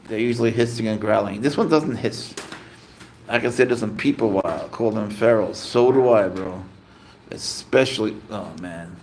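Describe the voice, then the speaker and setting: An easygoing man hosts a casual livestream, his voice sitting at a middling pitch. He rambles loosely from one viewer comment to the next. A faint hiss runs under his talk. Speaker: livestream host and pet owner.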